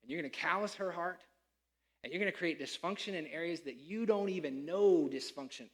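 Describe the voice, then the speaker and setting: A man preaching a sermon as pastor, animated and acting out the people he quotes. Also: a little high, fairly quick.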